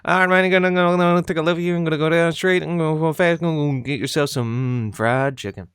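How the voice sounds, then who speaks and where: A man voicing a loud, hyped drive-through navigation voice that rattles off rushed, repetitive directions. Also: a little high, fairly even intonation, clear, resonant tone, no echo, studio quality, close to an everyday voice.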